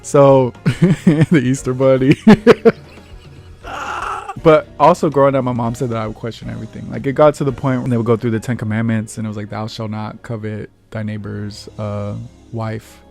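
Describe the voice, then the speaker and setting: A young man chats casually on his own vlog, telling stories with lots of laughter and bursts of louder acted-out dialogue. His voice sits at an ordinary middle pitch. Soft music plays faintly behind him. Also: moderate pace, vocal fry. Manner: animated, laughs often, acts out quotes in raised voice. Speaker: vlog host. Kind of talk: casual storytelling monologue.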